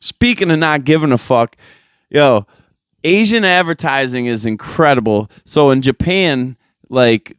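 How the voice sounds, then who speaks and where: Young male podcast host, exasperated profane rant, crisp voice, dry close mic. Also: medium pitch, dry recording. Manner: swearing, exasperated ranting.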